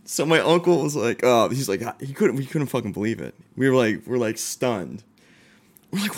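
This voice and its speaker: Young adult male co-host, animated storyteller who acts out every quote, casual and profane. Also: mid-range voice, normal speed. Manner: animated, acts out quoted dialogue, swears freely, laughs often. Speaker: podcast co-host.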